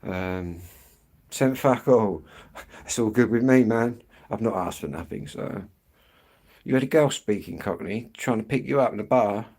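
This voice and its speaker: An English man live-streaming on a walk outdoors, chatting casually with viewers in a rambling way and often clearing his throat. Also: lowish voice, a little slow, a little mellow. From England. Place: outdoors on an evening street walk.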